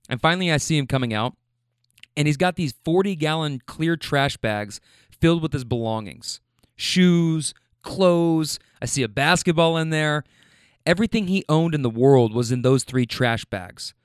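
High-voiced, profane podcast storyteller man. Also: clean tone, no echo, clean studio sound. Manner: profane, emphatic, repeats himself; emotional, gets choked up. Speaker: podcast host and rideshare driver. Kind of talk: casual storytelling monologue.

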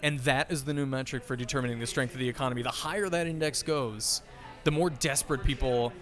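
A man co-hosting a casual podcast recorded in a bar, riffing crude, deadpan jokes. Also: medium pitch, quick pace, soft background music. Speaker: podcast co-host.

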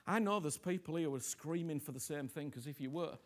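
A middle-aged man preaching a sermon, moving from hushed whispers to loud, pleading outbursts and asking his listeners again and again whether they understand him. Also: a little high, brisk. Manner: repeats himself, asks "you understand me?" often.

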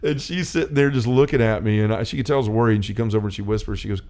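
This lowish, slightly mellow voice belongs to a middle-aged man who races through his words. Hosting a faith-based chat, he tells an earnest, meandering personal story with many restarts and bits of quoted dialogue.

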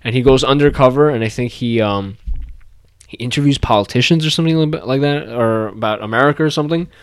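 A man's voice: medium pitch, fast, smooth, no room sound. A man co-hosting a podcast in loose casual chat, rambling through asides. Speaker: podcast co-host.

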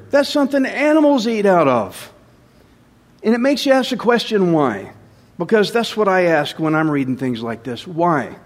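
High-voiced man preaching with soft asides. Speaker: pastor. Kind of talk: sermon.

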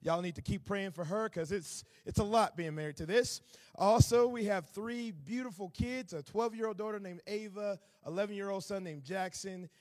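A man in his thirties from Georgia with a Southern accent, preaching as a guest with folksy humor and sudden loud bursts. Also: high voice. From Atlanta, Georgia. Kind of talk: sermon.

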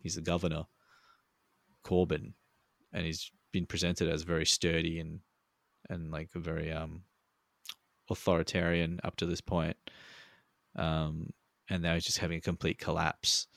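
Deep, gravelly man chatting casually. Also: completely flat delivery, moderate pace, no room sound. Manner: rambling, laid-back, swears freely. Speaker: podcast co-host. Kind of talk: casual podcast chat. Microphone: remote call.

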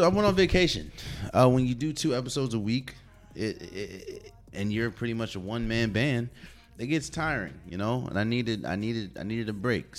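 Deep-voiced animated sports podcaster man. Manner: animated, repeats words when restarting, laughs often. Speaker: podcast host. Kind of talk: solo sports podcast commentary. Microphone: podcast mic.

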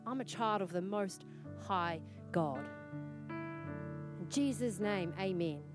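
A woman's voice: medium pitch, animated, slow pace, music in the background. A woman pastor with a New Zealand accent preaching a sermon in a church, earnest and exhorting, repeating her points for emphasis.

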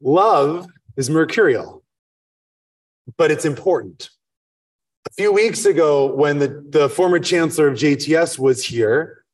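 A rabbi preaching a sermon, his voice sitting high for a man. He tells stories and poses questions to the congregation, picked up from some distance away from the mic. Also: a little mellow. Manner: storytelling, acts out characters in the tale, asks rhetorical questions. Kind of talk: sermon with a told parable.

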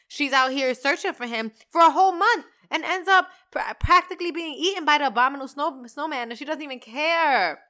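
A woman hosting her own podcast, ranting in a casual, animated way with lots of slang and swearing. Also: high-pitched. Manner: animated, slangy and profane, talks fast. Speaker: podcast host. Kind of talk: casual solo podcast rant.

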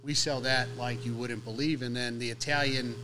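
A man's voice: medium pitch, steady tone, normal speed. A middle-aged man from Chicago, a sandwich shop owner, talking casually in his shop. He explains in chatty detail, in an ordinary mid-range voice. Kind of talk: casual conversation.

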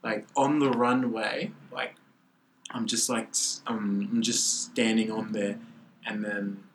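A man's voice: on the low side, slow, a little hiss or hum, rough recording. A young man, a triple jumper, telling a story casually in an interview, saying "like" constantly. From Australia. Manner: animated, says "like" constantly.

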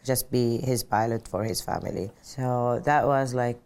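A middle-aged woman speaks in an unusually deep, dark and mellow voice. She is a pilot recounting her path in an interview. Her delivery is earnest and reflective, with frequent "just like" fillers. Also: steady tone, a little slow, clean tone. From Saudi Arabia. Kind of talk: personal interview storytelling.

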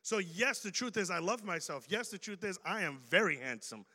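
A man preaching a sermon to a room, animated and joking as he makes his points. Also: sits high, normal speed. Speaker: pastor. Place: church auditorium. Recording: reverberant hall. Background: long hall reverb.

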